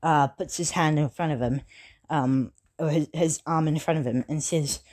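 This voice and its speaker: Low-voiced woman retelling a story haltingly. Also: fairly even intonation, a little mellow. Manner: halting, full of fillers and self-corrections. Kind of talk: casual retelling of a fan story.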